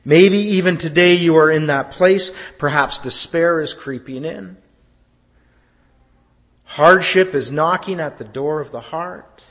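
Slow, dramatic preaching man in a hall. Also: a little high. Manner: dramatic swings from loud declarations to hushed near-whispers. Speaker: pastor. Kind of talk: sermon.

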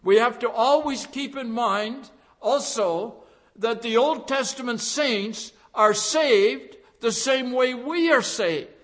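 A man's voice: extremely high pitch, slow pace, fairly bright tone. A man preaching a sermon, emphatic and repeating key phrases with rising force.

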